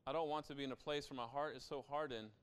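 Smooth-voiced man preaching conversationally. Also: mid-range voice, fairly even intonation, quick pace. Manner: conversational preaching with frequent "right?" asides. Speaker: pastor. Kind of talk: sermon.

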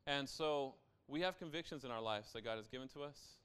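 Young male pastor, very clear resonant voice, casual conversational sermon with frequent asides. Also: mid-range voice, brisk, a bit bright.

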